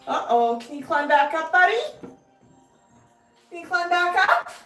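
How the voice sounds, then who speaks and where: Woman, pet vlog host, cooing baby talk, slow pace, echoey distant sound. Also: very high-pitched, expressive, bright, forceful tone. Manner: cooing, sing-song baby talk to a bird. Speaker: parrot owner and channel host. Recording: roomy, distant mic, faint music.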